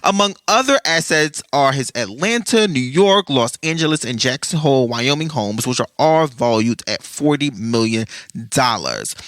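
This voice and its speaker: Sassy, animated man with a bright voice. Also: medium pitch, dry recording. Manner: chatty, sassy, addresses listeners as y'all; swears freely and laughs often. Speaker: podcast host. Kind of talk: casual solo podcast chat.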